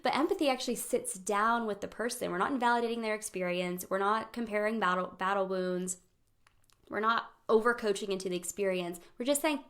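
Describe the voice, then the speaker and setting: A young woman hosting a casual live-streamed talk on friendship, animated, laughing often and acting out quoted voices. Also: medium pitch, fairly quick. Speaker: host of a friendship training.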